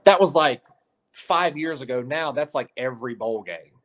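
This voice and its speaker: A man's voice: mid-range voice, normal speed. A man, a local TV sports reporter, telling a story on a casual sports podcast and acting out the quotes as he goes. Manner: animated storyteller, acts out quotes.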